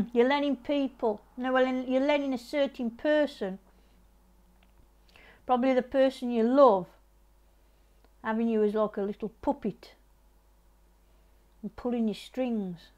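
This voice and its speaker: A middle-aged woman, giving a casual tarot reading to camera in a repetitive, gently advising way with frequent restarts. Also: on the high side, steady tone, unhurried, long pauses, muffled recording. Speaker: tarot reader.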